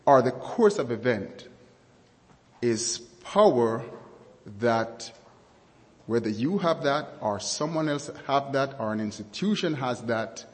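A man preaching a sermon, speaking slowly and deliberately and repeating key words and definitions for emphasis. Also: mid-range voice, in a large hall.

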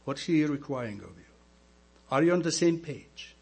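Male deacon, non-native English speaker, slightly raised pitch, slow emphatic sermon over a mains hum. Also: animated, gravelly, a little mellow, husky. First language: not English. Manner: slow, emphatic preaching with rhetorical questions to the congregation.

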